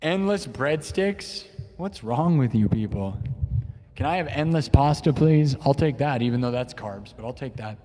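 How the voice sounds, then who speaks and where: A man's voice: mid-range voice, lively intonation, normal speed, mellow. A man hosting a live music stream, rambling and joking in playful rants to his chat. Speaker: livestream host and improvising musician. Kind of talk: rambling comedic livestream chat. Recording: long reverb.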